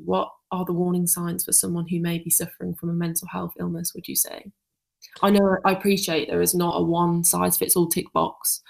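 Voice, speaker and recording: A woman with a Yorkshire accent hosting a podcast, asking long, careful questions in a measured way. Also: fairly low pitch, gravelly. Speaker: podcast host. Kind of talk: podcast interview.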